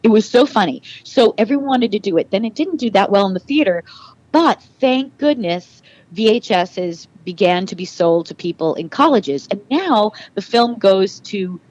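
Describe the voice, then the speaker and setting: A middle-aged actress chatting as a podcast guest, telling animated stories and acting out quoted dialogue. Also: female voice, mid-range voice, moderate pace, low-quality recording. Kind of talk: casual interview.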